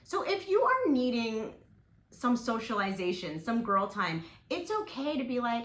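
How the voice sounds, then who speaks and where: A woman's voice: on the high side, sing-song, unhurried, a bit bright. A woman vlogging about weight loss in an encouraging, playful, motivational way. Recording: echoey room with faint noise.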